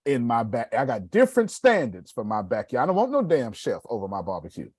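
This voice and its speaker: A middle-aged man coaching a sales class, animated and preachy, tossing questions to the room. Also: medium pitch, fairly quick, breathy edge, dry recording. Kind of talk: live coaching session.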